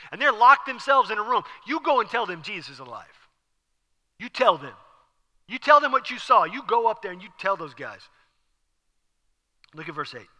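High, bright-voiced preacher man. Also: long reverb tail. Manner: animated, conversational preaching with asides and laughs. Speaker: pastor. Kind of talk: sermon.

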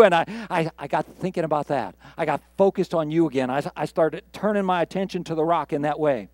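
A man's voice: a little high, fairly quick, few pauses, darkish tone, no room sound. A man preaching a sermon from the pulpit, reading scripture and building earnestly to emphatic peaks. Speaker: pastor.

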